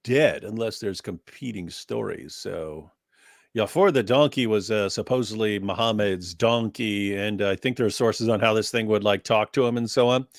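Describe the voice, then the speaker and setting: A man's voice: on the low side, normal speed, no echo, studio quality. A man co-hosting a casual livestream, talking in rambling stretches and often breaking into laughter. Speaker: livestream co-host. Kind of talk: casual live chat.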